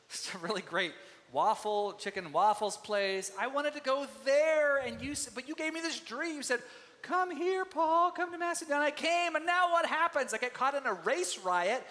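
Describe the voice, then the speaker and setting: A man's voice: very high-pitched, normal speed, pushed and bright, pitched above the performer's own voice. A man voicing an exasperated male apostle who complains to God in a whiny, pleading, comic way. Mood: complaining. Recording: long hall reverb.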